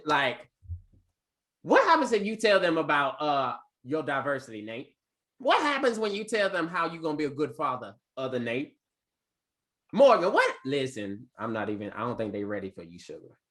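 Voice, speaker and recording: A man teacher telling a class a story in an animated, preacher-like cadence with big vocal swings. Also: medium pitch.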